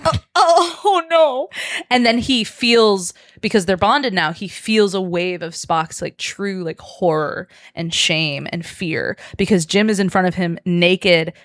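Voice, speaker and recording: A woman's voice: fairly low pitch, unhurried, few pauses, a bit bright, dry recording, studio quality. A woman podcast host casually retelling a story in a chatty way, peppered with "like" and swearing.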